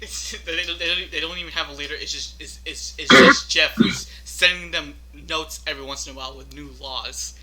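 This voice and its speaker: A man's voice: fairly high pitch, brisk, few pauses, crowd noise. A man co-hosting a casual tabletop gaming podcast, rambling with restarts and frequent laughter. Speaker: podcast co-host. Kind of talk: casual chat among friends.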